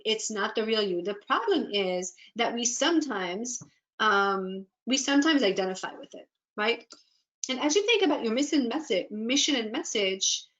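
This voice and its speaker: A woman coach leads a webinar, speaking in a fairly high voice that is earnest and encouraging. She often voices listeners' inner doubts aloud, as if quoting them, over a video call. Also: a bit bright, poor audio. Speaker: business and life coach. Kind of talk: webinar workshop presentation.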